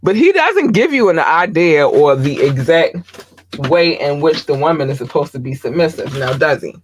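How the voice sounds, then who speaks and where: A woman hosting a podcast, talking bluntly and candidly in a casual monologue, swearing freely and often pausing with ums. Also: deep voice, steady tone, a little hiss or hum. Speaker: podcast host.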